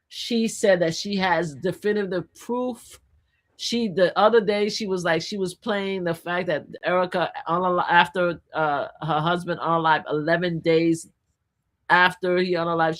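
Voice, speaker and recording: A woman co-hosting a live news talk stream in casual chat, animated and excitable, often restarting her sentences. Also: fairly low pitch. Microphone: streaming setup.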